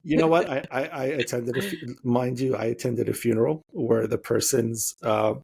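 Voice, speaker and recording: A young man hosting a podcast interview, talking in an animated, opinionated way and slipping into quoted voices. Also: medium pitch, moderate pace, gravelly, husky. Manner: animated, opinionated, mimics voices when quoting. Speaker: podcast host. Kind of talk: casual interview conversation.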